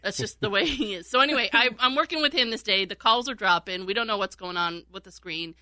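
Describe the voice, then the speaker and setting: A woman's voice: mid-range voice, fast, pushed and bright, no room sound. A woman telling a casual story in a chat, laughing often and acting out what people said. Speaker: radio show regular, former call screener.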